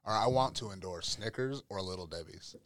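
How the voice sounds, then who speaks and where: A man's voice: deep voice, a little fast. A young man appearing as a guest on a casual podcast, laid-back and joking. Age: young adult. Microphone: podcast microphone.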